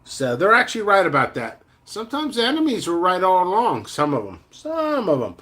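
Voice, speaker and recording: A middle-aged man rants angrily to the camera in his vlog. His voice sits high and sounds bright and sharp. He swears constantly, talks bluntly and rambles through restarts. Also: very animated, fairly quick. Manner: angry, profane ranting. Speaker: seed vendor.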